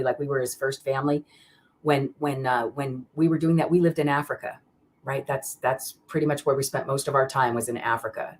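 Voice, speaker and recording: Woman, very low pitch, casual live-stream talk, rambling, lots of fillers. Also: slight background noise. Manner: rambling, chatty, many fillers and restarts; greets viewers by name mid-sentence. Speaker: card reader hosting a live stream.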